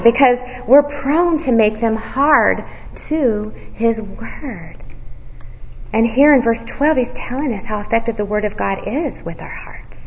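A woman preaching a sermon. She asks the listeners questions and answers them herself, and she sometimes drops to a hushed near-whisper for emphasis. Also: on the high side. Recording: dull audio with long hall reverb.

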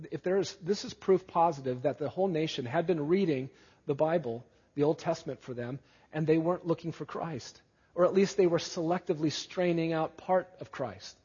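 A pastor delivers a sermon with earnest emphasis, frequently turning to his listeners with questions. His slightly high voice has a faint husk and a mellow quality. The dull, lo-fi recording carries a long reverb through a large hall.

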